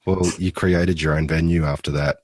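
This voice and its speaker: Very deep-voiced man, calm host. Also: moderate pace, slight background noise. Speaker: podcast host. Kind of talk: interview questions.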